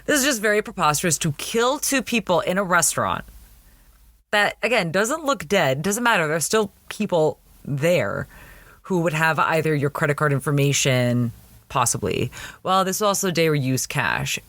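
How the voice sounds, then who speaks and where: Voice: mid-range voice, animated, normal speed, fairly bright tone, no echo. A podcast host recapping a TV episode in casual chat, with frequent laughing, incredulous asides.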